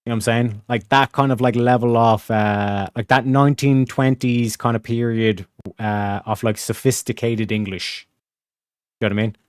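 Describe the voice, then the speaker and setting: A young man hosting a casual livestream, rambling through donation shout-outs with lots of slang and filler phrases. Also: medium pitch, steady tone, normal speed, smooth, no echo, clean studio sound. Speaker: livestream host reading donations.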